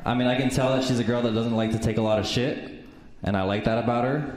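A man competing on a live dating show, speaking calmly and directly. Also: medium pitch, fast. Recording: echoey stage with loud crowd noise.

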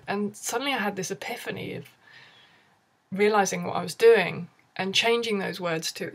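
A woman who works with clients in tapping therapy, explaining it in a gentle, reflective way with soft laughs and fillers. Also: mid-range voice, fairly quick, husky. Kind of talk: teaching talk to camera.

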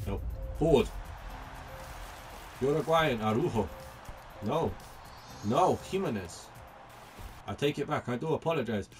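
A man commentating his own video game pack openings, chatty and excitable, greeting each new card like a friend. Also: mid-range voice, unhurried, pauses often, far from the mic, soft background music. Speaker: gaming YouTuber.

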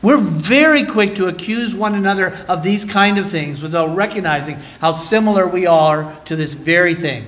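Canadian male pastor, high-pitched, dynamic sermon delivery with scripture reading. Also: expressive, normal speed, hardly any pauses. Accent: Canadian English. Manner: preaching with dynamic shifts between loud and soft, reading scripture aloud. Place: church sanctuary.

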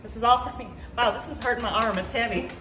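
A woman's voice: a little high, fast, pushed and bright, reverberant, slight background noise. A woman hosting a casual cooking video in her home kitchen, chatting to viewers and saying y'all a lot. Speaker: cooking channel host. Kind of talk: casual cooking vlog chat.

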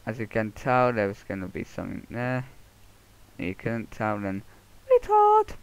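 A man's voice: fairly low pitch, fairly even intonation, gravelly, smooth. A man narrating his own gameplay, muttering to himself and swearing through a muffled headset microphone. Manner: mumbling to himself, swearing, quick outbursts. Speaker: Let's Play gamer. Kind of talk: casual gameplay commentary. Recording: muffled headset audio, faint noise.

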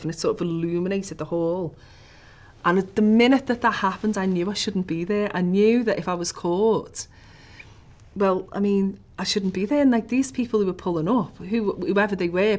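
Liverpool woman, lowish voice, animated storyteller who drops to a whisper for suspense. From Liverpool, England. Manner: animated storyteller, rising to hushed whispers at tense moments. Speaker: interviewee. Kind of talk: recounting a personal story.

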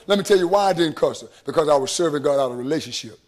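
A middle-aged man, preaching a sermon in a church, moving between hushed asides and rising calls to the congregation. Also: on the high side, expressive, quick pace. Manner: preaching with call-and-response rhythm, shifting between hushed and rising. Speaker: pastor. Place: church sanctuary.

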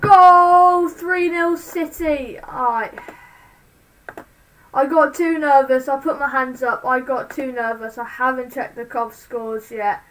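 A woman streaming live fan commentary on a football match, excitable, swinging between shouting and muttering. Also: sits high, slow, distant mic, rough recording.

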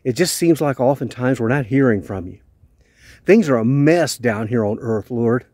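A man's voice: medium pitch, expressive, normal speed, darkish tone, no room sound. A man from the United States speaking an earnest, heartfelt video letter in a plainspoken, questioning way. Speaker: vlogger.

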